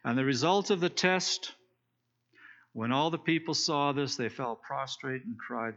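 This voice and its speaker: Heard on a dull lo-fi recording, a man of medium pitch speaks a little slowly with a slightly bright sound. He's a preacher teaching a Bible study, retelling a scripture story in an easygoing, explanatory way full of fillers and restarts.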